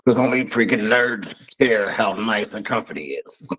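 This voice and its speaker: A man's voice: fairly low pitch, expressive, normal speed, fairly bright tone, husky, low-quality recording. A man in casual podcast banter, blunt and dismissive, with a drawling way of talking.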